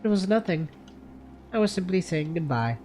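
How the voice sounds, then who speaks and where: A solemn, mysterious hooded girl from a game story speaks in a soft, measured voice, as a streamer reading the dialogue puts her on. The tone is mellow and dark. Faint music plays underneath. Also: medium pitch, big pitch swings, pitched above the performer's own voice, lightly acted. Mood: calm.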